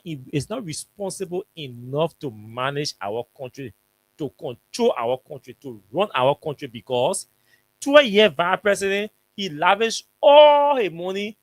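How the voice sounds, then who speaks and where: A middle-aged man with a Liberian English accent, hosting a talk show and telling a political story in an animated, repetitive, emphatic way. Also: high voice, no echo. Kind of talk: political commentary monologue.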